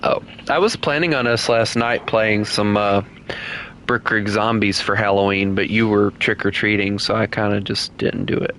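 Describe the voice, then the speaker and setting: Male streamer, slightly low pitch, bright tone, chatty and teasing while he plays. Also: fairly even intonation, moderate pace, slight background noise. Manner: chatty, teasing viewers, laughs often. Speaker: gaming streamer. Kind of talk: casual live-stream chat while playing.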